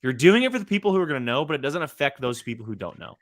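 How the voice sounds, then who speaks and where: A young man co-hosting a casual fan podcast, excitable and teasing as he talks. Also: medium pitch, racing, no echo. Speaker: podcast co-host.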